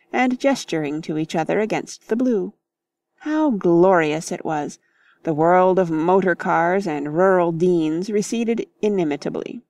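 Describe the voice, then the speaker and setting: Woman audiobook narrator, lower voice, measured storytelling, dry booth. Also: darkish tone, no echo. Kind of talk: scripted narration of a classic novel.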